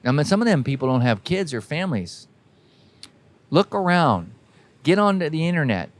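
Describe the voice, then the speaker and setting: A man's voice: a little high, sing-song, normal speed, dry recording. A man hosting a podcast, delivering a folksy, emphatic motivational monologue that exhorts listeners directly. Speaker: podcast host.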